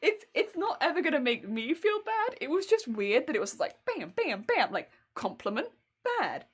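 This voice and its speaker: A young woman chatting casually on a crafting live stream, telling stories in an animated way and answering chat. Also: high-pitched, moderate pace. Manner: chatty, animated storytelling, reads chat aloud.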